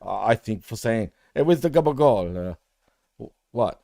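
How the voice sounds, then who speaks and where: A man's voice: lowish voice, lively intonation, moderate pace, gravelly, warm tone, no room sound. Brash joking man, dry close sound. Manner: brash, joking, says bro a lot. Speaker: podcast co-host. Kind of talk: casual wrestling chat.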